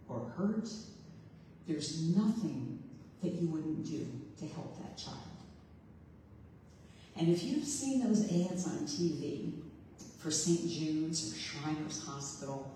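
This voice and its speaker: A woman's voice: low-pitched, dark tone, slight background noise. A woman preaching a sermon to a congregation in a large room, reflective and questioning as she retells the story. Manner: reflective, questioning, voices the father and Jesus in quotes. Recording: echoey hall, voice from far off.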